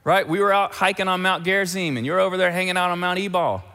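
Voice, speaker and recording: A man preaching a sermon as pastor, animated and emphatic, repeating key phrases. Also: sits high, fast talker, long reverb tail.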